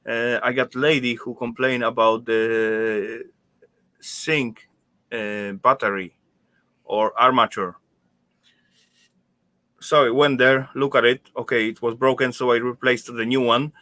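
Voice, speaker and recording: Bright-voiced man with broken English. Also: medium pitch, fairly even intonation, takes it slowly, pauses often, no room sound. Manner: simple, broken English phrasing. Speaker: guest answering questions. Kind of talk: casual Q&A chat.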